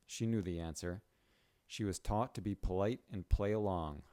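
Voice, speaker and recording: A man's voice: deep voice, moderate pace, dark tone, no echo. A man reading a story aloud in plain scripted narration.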